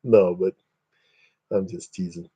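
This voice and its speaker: A man's voice: deep voice, steady tone, slow, warm tone, slightly rough. A man from Indiana hosting a casual livestream, rambling chattily and greeting viewers by name. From Northeast Indiana, USA. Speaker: livestream host.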